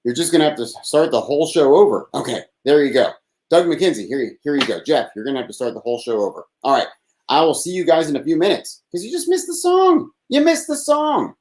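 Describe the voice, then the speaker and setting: Fast and lively, with a mid-range voice and background noise around him, a man hosts a live call-in show alone at his desk. The chat is rambling and self-deprecating, punctuated by sighs and swearing, in a thin, slightly whiny voice. An unprocessed desk mic records it.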